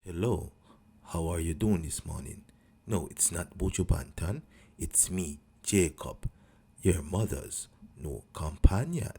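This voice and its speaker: A performer voicing a deep-voiced male Rasta with a Jamaican accent in a cartoon, talking in a slow, mumbling low drawl. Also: expressive, warm tone, breathy edge, exaggerated voice. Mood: laid-back. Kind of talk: animated cartoon voice acting.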